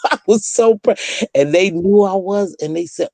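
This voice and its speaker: A woman in her sixties hosting a casual late-night chat, telling lively stories and acting out the voices she quotes. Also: mid-range voice, moderate pace, no room sound. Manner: lively storyteller who acts out quoted voices. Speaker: host.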